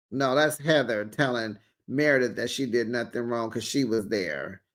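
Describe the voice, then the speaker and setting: A reality TV recap host giving casual, animated commentary in a colloquial style, talking straight to viewers and mimicking cast members. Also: mid-range voice, a little slow.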